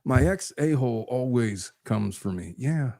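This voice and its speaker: A man's voice: mid-range voice, lively intonation, unhurried, creaky, warm tone, no echo, clean studio sound. A man in his forties, a lawyer guest, talking in a blunt, wry, philosophizing way during a casual chat.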